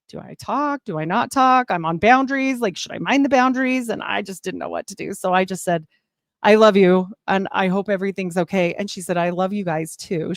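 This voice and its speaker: A middle-aged woman giving a personal testimony as a guest, rambling and animated, with laughs and asides. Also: lowish voice, no room sound, clean studio sound.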